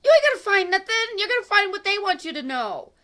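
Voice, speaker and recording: A woman's voice: extremely high pitch, very animated, quick pace, bright, forceful tone. A middle-aged woman giving a heated, repetitive religious monologue, with fervent outbursts. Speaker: online religious speaker. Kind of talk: impassioned preaching monologue.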